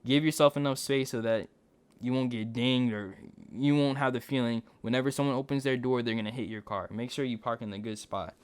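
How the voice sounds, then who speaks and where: A man casually telling a story for a video, slangy and animated, wandering into tangents. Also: mid-range voice, fairly quick, clear, resonant tone. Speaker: storytime YouTuber.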